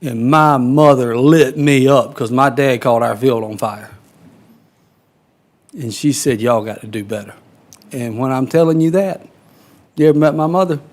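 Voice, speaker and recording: A man's voice: mid-range voice, a little slow, pauses often. A man, a county council member telling a blunt, folksy story in a meeting.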